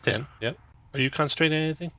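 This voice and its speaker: A young man acting as dungeon master, calling out rolls and rules briskly with the odd chuckle. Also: on the high side, bright, forceful tone, no echo. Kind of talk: running a tabletop game.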